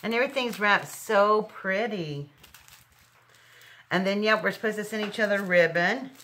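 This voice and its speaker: Woman, middle-aged, bright and forceful tone, gushing casual unboxing chat. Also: medium pitch, normal speed. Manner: gushing, exclaims over each item. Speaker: crafting channel host.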